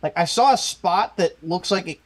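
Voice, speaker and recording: A man co-hosting a sports talk show, chatting casually with excitable praise and lots of fillers. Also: sits high, normal speed. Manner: excitable, gushing, with many fillers. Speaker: co-host. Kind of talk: casual chat.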